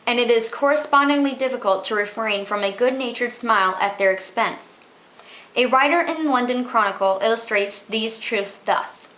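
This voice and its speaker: A woman reading short old magazine stories aloud, expressive and steady. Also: fairly high pitch. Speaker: reader. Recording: roomy echo.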